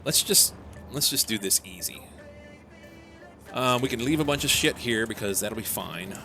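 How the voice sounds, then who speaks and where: A man's voice: mid-range voice, expressive, normal speed, creaky. A young man casually talking through a live game stream, rambling and answering chat. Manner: rambling, chatty, reads chat aloud. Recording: background game music.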